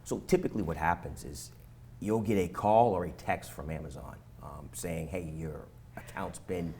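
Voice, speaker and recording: A man's voice: low-pitched, lively intonation, normal speed, darkish tone, slight background noise. A middle-aged police officer, giving earnest advice on a local talk show and often repeating words as he goes. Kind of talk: casual talk show conversation.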